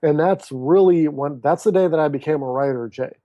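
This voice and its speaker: A man's voice: fairly high pitch, fairly quick, dry recording, highs cut off. A man in his thirties, a podcast guest who tells his story in a casual interview and acts out the voices of people in it. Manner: animated storyteller who acts out quoted dialogue. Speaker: podcast guest, author and speaker.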